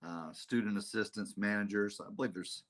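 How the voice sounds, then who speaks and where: A man, a head football coach telling stories as an interview guest. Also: a little fast. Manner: animated storyteller, acts out quotes with big pitch jumps. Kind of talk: casual storytelling interview.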